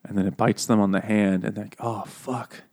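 A man co-hosting a casual chat, recapping a book with profane jokes and quick asides. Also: on the low side, flat delivery, dark tone. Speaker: podcast co-host.

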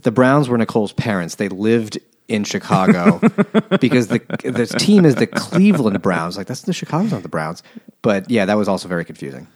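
A man's voice: lowish voice, big pitch swings, moderate pace, darkish tone. A man co-hosting a comedic book podcast, talking casually in an exasperated way, often trailing off and starting over. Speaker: podcast co-host.

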